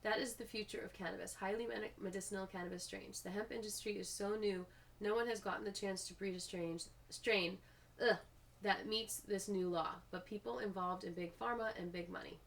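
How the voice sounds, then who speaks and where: A woman's voice: medium pitch, fairly even intonation, brisk, gravelly. A woman hosting a video, reading public comments aloud and breaking off with frustrated asides of her own.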